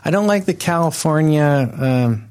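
A man's voice: a little high, expressive, moderate pace, a little mellow, smooth. Guy hosting a comedy podcast, rambly, lots of ums, easygoing banter. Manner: hesitant, rambling with many ums.

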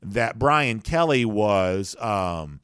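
A man's voice: fairly low pitch, lively intonation, drawn-out words, a bit bright, clean tone, no room sound, studio quality. Opinionated male sports talk host. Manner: chatty, opinionated, with frequent fillers and restarts. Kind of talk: casual opinion commentary.

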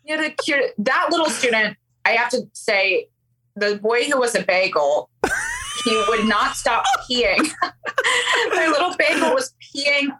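A woman who works as a preschool teacher, chatting casually and telling animated stories in which she acts out voices. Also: fairly high pitch, unhurried, background noise. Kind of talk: casual chat.

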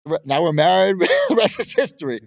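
A man's voice: high-pitched, wildly swooping pitch, a little fast, gravelly, no room sound. A man in his thirties, a professional wrestler, chatting in an interview in a brash, boastful way and laughing often. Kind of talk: casual interview chat.

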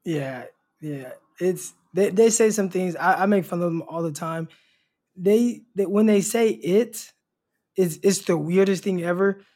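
A man's voice: high-pitched, a little slow, mellow. A man co-hosting a casual sports podcast, laid-back and stammering, often repeating his first words. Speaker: podcast co-host.

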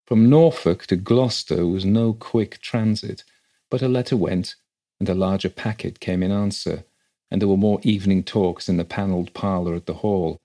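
A man reading a classic ghost story aloud in a measured, dramatic way. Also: low-pitched, steady tone, mellow. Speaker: story reader.

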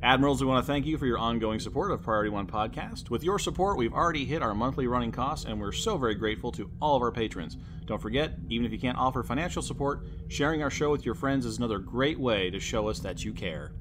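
A man's voice: medium pitch, expressive, quick pace, few pauses, noisy background. A man co-hosting a podcast, reading thanks to supporters and teasing the others. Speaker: podcast co-host. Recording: voice over background music.

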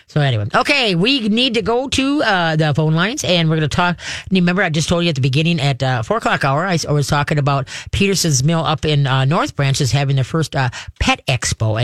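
A woman's voice: deep voice, fairly bright tone, dry recording. A woman hosting a call-in radio show about dogs, talking in a rambling, folksy way and acting out what the dogs are thinking. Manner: rambling, folksy, acts out dogs' voices. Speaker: radio show host and dog trainer. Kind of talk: casual call-in radio talk.

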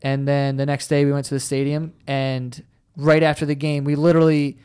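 Excitable higher-voiced New man. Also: fairly quick, clear, resonant tone. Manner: excitable, swearing, mimicking others. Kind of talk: casual chat.

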